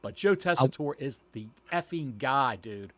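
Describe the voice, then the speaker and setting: A man's voice: medium pitch, lively intonation, a little slow. A man co-hosting a wrestling podcast, cracking sarcastic, mocking jokes. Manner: sarcastic, mocking, joking interjections. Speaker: podcast co-host. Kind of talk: casual wrestling talk.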